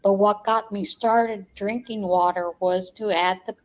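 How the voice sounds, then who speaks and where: A woman co-hosting a casual live stream, explaining practical advice in an easy, conversational way. Her voice sits at an ordinary middle pitch. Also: fairly even intonation, unhurried. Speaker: co-host.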